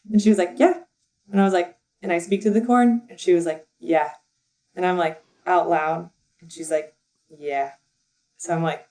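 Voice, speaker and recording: A young adult woman who is an assistant and content writer guests on a podcast, giggling and rambling through a filler-heavy story in casual interview conversation. Her lowish voice is steady and a little mellow, moving at a moderate pace.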